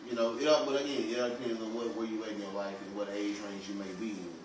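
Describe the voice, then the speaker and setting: A man's voice: fairly low pitch, level tone, quick pace. A man co-hosting a podcast, speaking in a casual, colloquial and reflective way. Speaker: podcast co-host. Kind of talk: casual chat. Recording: echoey room, far from mic, noisy.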